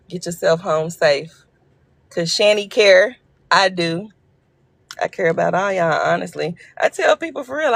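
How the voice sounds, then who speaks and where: Her voice is low and gravelly, recorded with no room sound. She's an Arkansas woman with a Southern accent hosting a phone livestream, where she jokes around and chats casually with the people watching.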